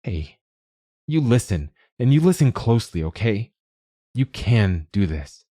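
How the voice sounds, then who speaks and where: A man's voice: fairly low pitch, very animated, measured pace, dark tone, no echo, clean studio sound. A man voicing a loving father in an audiobook, earnest and reassuring as he comforts his daughter.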